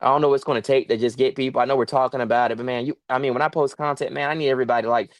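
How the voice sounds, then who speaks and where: A man's voice: mid-range voice, fairly even intonation, rapid-fire, no room sound. Earnest pleading man on a call. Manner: earnest, pleading, repeats himself for emphasis. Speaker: guest, farmer and sanctuary owner. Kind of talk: emotional livestream interview.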